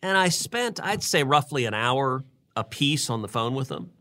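Earnest man with a bright, forceful voice. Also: mid-range voice, sing-song, moderate pace. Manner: earnest, repeats words while building his point. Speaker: senator and co-host. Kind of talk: casual political podcast talk.

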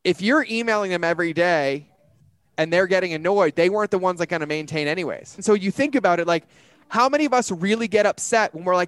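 A man talking as a business coach in a casual, animated way, full of slang and acted-out quotes. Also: high voice, fast talker, no echo.

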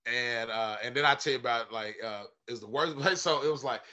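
A man, a stand-up comedian guesting on a podcast, telling profane, animated stories in casual chat. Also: mid-range voice, fairly quick, hardly any pauses. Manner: animated, profane, acts out quoted voices loudly.

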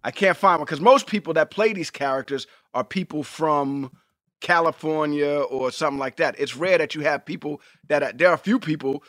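A man co-hosting a podcast in casual chat, talking in an animated, emphatic way and swearing freely. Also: fairly high pitch, brisk, no room sound, clean studio sound. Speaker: podcast co-host.

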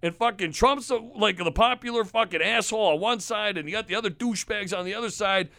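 A man hosting a podcast, ranting angrily with heavy profanity and loud emphasis. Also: sits high, fast talker, gravelly, dry recording. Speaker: podcast host.

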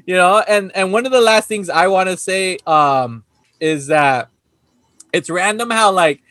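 A man with a high, bright, forceful voice chats animatedly about a movie on a podcast, with frequent laughs. His voice sounds close and dry. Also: unhurried, no echo. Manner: animated, laughs often, swears. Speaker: podcast co-host. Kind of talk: casual movie discussion.

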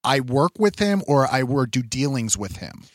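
A man's voice: medium pitch, big pitch swings, normal speed, dry recording, studio quality. A man co-hosting a podcast, mostly agreeing with short replies and adding jokes in casual chat. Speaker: podcast co-host.

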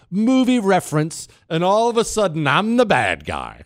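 A man hosting a talk radio show from a studio, telling a story in a casual, animated way. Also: high voice, moderate pace, few pauses, no room sound. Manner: animated storyteller, laughs at his own tale. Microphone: studio microphone.

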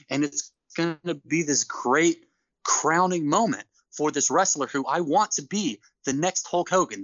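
Man, podcast co-host, lively swooping pitch, exasperated ranting, dry dull lo-fi sound. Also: dry recording. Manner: animated, exasperated ranting with laughs. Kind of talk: casual wrestling podcast chat.

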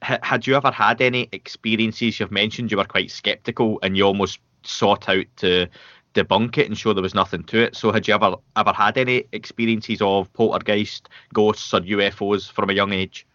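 A Scottish man hosts a podcast and asks friendly questions, halting now and then and joking at his own expense. His voice is lowish and bright. The sound is dry and a little muffled. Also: fairly even intonation, no room sound. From Scotland. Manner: friendly, self-deprecating, halting. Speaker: podcast host. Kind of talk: casual interview questions.

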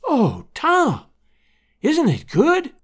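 A man's voice: huge pitch swings, moderate pace, a little mellow, heavily acted. A man voicing a tremulous, tearful elderly woman in a storybook reading. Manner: tremulous, rising high.

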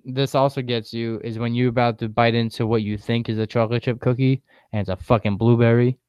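Man, dry witty banter with swearing, smooth clean voice, dull dry close recording. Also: medium pitch, level tone, dry recording. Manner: dry, quick-witted, profane. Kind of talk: casual chat.

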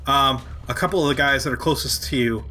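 A man narrating as game master of a tabletop game, halting and full of fillers, now and then shouting short character lines. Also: mid-range voice, over music.

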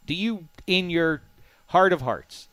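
A man bantering on a sports talk show, his voice smooth and resonant and swinging lively up and down. He jokes and rambles loosely, and the studio sound is close and dry. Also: high-pitched, slow, no room sound. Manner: joking, rambling, animated. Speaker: host. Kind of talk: casual sports radio banter.

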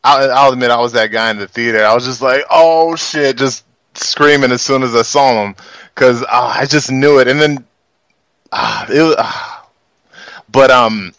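A man's voice: medium pitch, steady tone, normal speed, a bit bright, dry recording. A man guesting on a casual movie review podcast, chatty and starting sentences with fillers.

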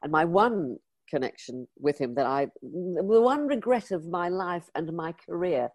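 A woman's voice: lowish voice, a little slow. An older British woman, a former magazine editor, telling stories in an interview and acting out the voices in her anecdotes. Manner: lively anecdotal storyteller, acts out quoted dialogue. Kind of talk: storytelling interview.

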